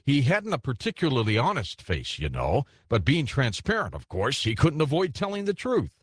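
A man reading a classic ghost story aloud as audiobook narration, telling it in a measured way and voicing the characters. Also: medium pitch, wildly swooping pitch, breathy edge, no echo, clean studio sound.

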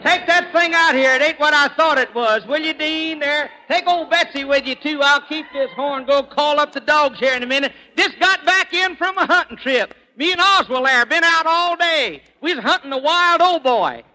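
A man's voice: very high voice, moderate pace, few pauses, pushed and bright. A man telling rural hunting gags as a stage comedian, folksy, chuckling at his own jokes and stammering on restarts. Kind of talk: rapid-fire rural stand-up gags. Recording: echoey hall with faint noise.

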